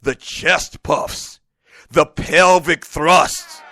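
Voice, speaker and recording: A stern, barking drill sergeant, put on by a man drives every phrase out loud, high and forceful. The delivery is clipped and commanding, with a bright, hard edge in a dry, close sound. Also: fairly even intonation, very slow, no echo, exaggerated voice.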